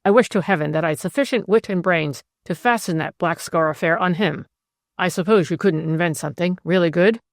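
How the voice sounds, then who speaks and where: A woman narrator voicing a cool, calculating woman conspirator who talks with composure and jumps to sharp, bright rises. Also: fairly low pitch, brisk, no room sound, studio quality, lightly acted.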